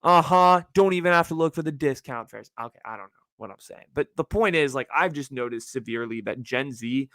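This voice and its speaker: A man's voice: quick pace, hardly any pauses, no room sound. A young man hosting a podcast, ranting casually with slang and swearing, and jumping into mocking voices. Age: young adult. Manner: animated, swearing, slangy, jumps into mocking high-pitched voices. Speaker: podcast host. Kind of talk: casual solo rant.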